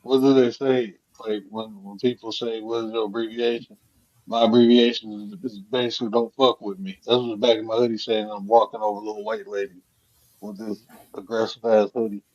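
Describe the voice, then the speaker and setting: A man hosting a casual live chat, telling a profane, animated story. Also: fairly low pitch, fairly quick. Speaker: host. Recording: dull lo-fi stream audio.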